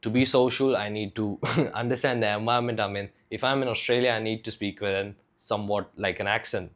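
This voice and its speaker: A man's voice: lowish voice, steady tone, brisk, a bit bright. A young man from India talking casually to camera as a fitness vlogger, rambling loosely with lots of filler words and swearing.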